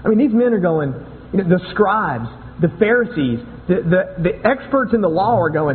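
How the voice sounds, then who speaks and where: Pastor preaching over a thin tinny line. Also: male voice, high-pitched, expressive, normal speed, slight background noise. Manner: conversational preaching with repeated words and restarts. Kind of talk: sermon. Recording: tinny phone-like sound with long hall echo.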